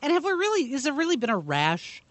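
Lively skeptical female radio co-host. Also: sits high, fast talker, no echo. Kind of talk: casual talk radio banter.

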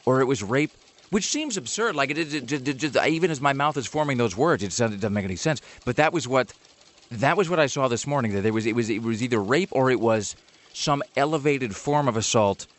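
A man hosting a radio show in casual banter, rambling with lots of fillers and restarts, slipping into animated impressions. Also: mid-range voice, a little fast. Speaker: radio host.

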